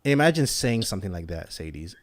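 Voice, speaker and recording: A young man co-hosts a podcast, walking through what happened in a relaxed, conversational way. His voice sits on the lower side. The sound is close and dry, with no room around it. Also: fast talker, dry recording. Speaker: podcast co-host. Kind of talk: casual review chat.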